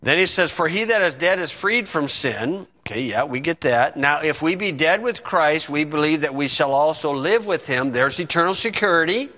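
A middle-aged man preaching a sermon, reading scripture slowly and adding folksy asides. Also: a little high, animated, sharp tone. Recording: long reverb in a hall.

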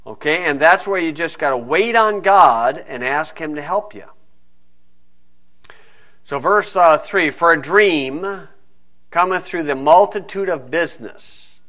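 Bright-voiced folksy preacher man. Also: on the high side, expressive, measured pace. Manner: folksy, conversational preaching with asides. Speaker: pastor. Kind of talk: sermon.

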